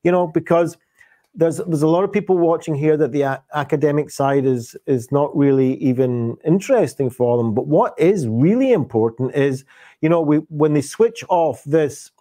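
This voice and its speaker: Male host on a live stream, slightly high voice but mellow, keeps asking for practical answers. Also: expressive, measured pace. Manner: friendly, pushes for practical answers. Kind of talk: live broadcast interview.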